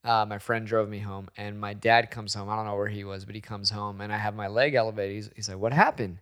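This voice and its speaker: A young adult man telling a story in casual chat as a podcast co-host, animated, laughing often and acting out quotes with lots of swearing. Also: on the low side, quick pace, clean tone.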